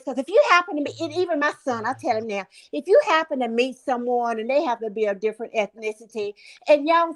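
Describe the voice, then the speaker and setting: A woman's voice: high-pitched, dry recording, rough recording. A woman with a Southern US accent, speaking insistently as she explains herself in a discussion. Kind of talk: casual discussion.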